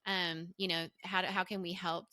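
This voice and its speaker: A woman's voice: fairly low pitch, little pitch movement, normal speed, pushed and bright, dry recording, studio quality. A woman hosting a podcast interview, asking long, careful questions and affirming her guest. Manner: affirming listener, asks long thoughtful questions. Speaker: podcast host. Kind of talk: conversational interview.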